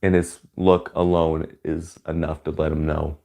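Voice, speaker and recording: A man giving a casual, rambling spoken movie review, full of "like" and "you know", who breaks into loud high-pitched cheers when excited. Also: measured pace, gravelly.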